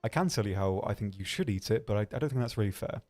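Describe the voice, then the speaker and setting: A man hosting a livestream, answering viewer questions in a hesitant, rambling way with dry, deadpan humor. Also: lowish voice, fast talker. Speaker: livestream host.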